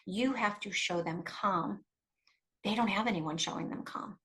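A woman's voice: mid-range voice, a little slow, pushed and bright. A middle-aged woman, a guest expert, talking emphatically and animatedly in a conversational interview, often restarting her sentences. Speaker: guest expert on coercive control.

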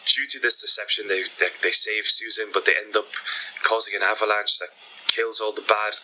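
A man with a low-leaning voice and a very bright, forceful edge co-hosts a book podcast. He rambles casually and slips into acting out lines as he talks. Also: steady tone, a little fast, a little hiss or hum, rough recording. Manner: rambling, acts out quoted lines. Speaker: podcast co-host. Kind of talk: casual book review chat.

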